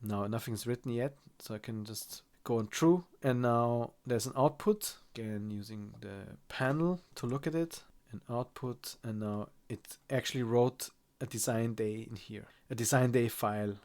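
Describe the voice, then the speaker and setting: A man with a nasal voice from a cold, teaching a software tutorial and thinking aloud with halting restarts. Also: mid-range voice. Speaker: course instructor. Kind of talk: screen-recorded software tutorial.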